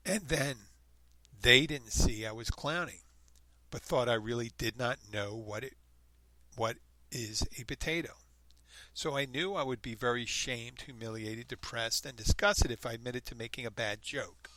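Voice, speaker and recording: A man hosting a solo podcast, reading a story aloud with animated, mocking put-on quotes. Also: mid-range voice, moderate pace, no room sound. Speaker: podcast host.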